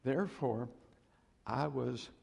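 A man's voice: medium pitch, slow pace, a little mellow. A man giving an informal, conversational sermon as preacher, rambling and restarting often. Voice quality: gravelly, breathy. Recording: long hall reverb.

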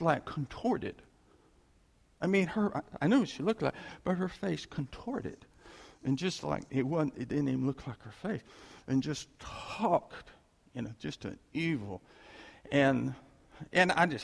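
Man with gravelly voice in echoey hall. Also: on the high side, expressive. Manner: rambling, halting storytelling with chuckles. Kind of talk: informal testimony to a congregation. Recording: long hall reverb.

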